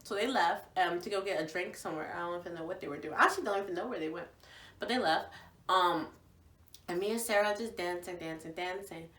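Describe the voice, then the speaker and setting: A young woman from Virginia, casually telling a story to the camera in an animated, gushing way, acting out what people said. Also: fairly low pitch, fast. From Virginia, USA. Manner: animated, gushing, acts out quotes. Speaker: vlogger. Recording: echoey room, voice from far off.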